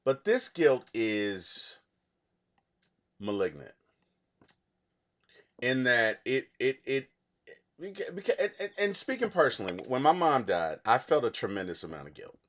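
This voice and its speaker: Earnest man with a lively voice. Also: medium pitch, unhurried, pauses often, dull audio. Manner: earnest, emphatic, with frequent restarts. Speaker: movie podcast co-host. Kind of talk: casual movie discussion.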